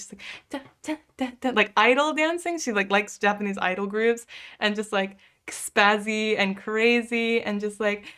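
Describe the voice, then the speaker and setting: A woman's voice: fairly high pitch, a bit bright. Giggly young woman with a lisp. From United States. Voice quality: lisp, speech impediment. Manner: chatty, giggly, says "like" often. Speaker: live-stream host. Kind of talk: casual chat reading viewer comments.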